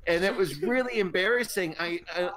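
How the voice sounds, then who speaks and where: A man's voice: sits high, brisk, a bit bright. A young man from Georgia in the US, co-hosting a podcast and telling rambling, self-mocking stories. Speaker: podcast co-host. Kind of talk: casual chat.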